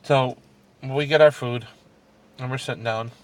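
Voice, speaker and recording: A man's voice: mid-range voice, fairly even intonation, measured pace. A middle-aged man casually telling a true ghost story about his teenage years, acting out the other people's lines and laughing at his own story.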